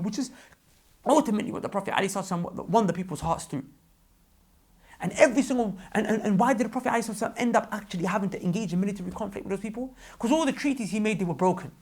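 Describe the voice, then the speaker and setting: A man's voice: high voice, a little mellow, slightly rough. A young British man in a fervent, preachy vlog rant. He often repeats himself as he speaks. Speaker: vlogger. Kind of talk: impassioned religious vlog rant.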